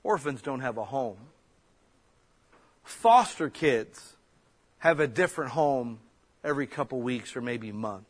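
A man, a pastor giving a folksy, conversational sermon, breaking into sudden loud bursts. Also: mid-range voice, animated, a little slow, long pauses.

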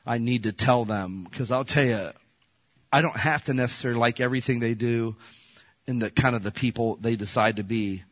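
A middle-aged man preaching a sermon in church, talking in a conversational way that swings from loud to soft. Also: medium pitch, fairly quick. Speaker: pastor.

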